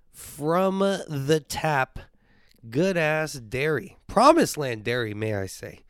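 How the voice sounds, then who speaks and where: Podcast host, young man, sick and congested, profane rambling comic monologue, slightly high voice, dry close sound. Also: sing-song, slow, fairly bright tone, clear, resonant tone, no room sound. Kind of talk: casual comedic monologue.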